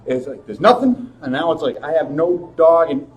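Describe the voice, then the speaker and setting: A man's voice: fairly high pitch, expressive, normal speed, muffled recording. A man hosting a casual interview, who laughs often and chimes in with jokes. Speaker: podcast host.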